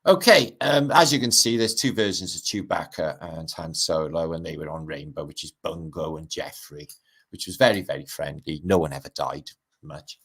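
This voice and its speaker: A man's voice: extremely low pitch, normal speed, a bit bright, breathy edge. A middle-aged man, rambling and swearing through a casual livestream chat as its host. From Britain.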